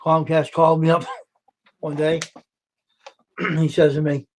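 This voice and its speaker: A gruff, blunt man, talking loosely on a livestream. His voice sits a little high for a man, and he swears without a second thought. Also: fairly even intonation, measured pace, pauses often, darkish tone, a little hiss or hum. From Brockton, Massachusetts. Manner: blunt, gruff storyteller who swears freely. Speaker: livestream host. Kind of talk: casual livestream chat.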